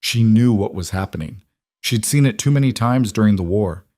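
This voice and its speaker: A man reading a Western story aloud, in a calm and measured narration. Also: fairly low pitch, dry recording, clean studio sound.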